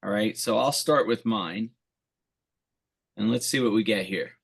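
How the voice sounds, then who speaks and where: A man's voice: lowish voice, measured pace, gravelly, husky. A middle-aged man, a referee coach, presenting on a video call in an upbeat, encouraging way and reading chat replies aloud.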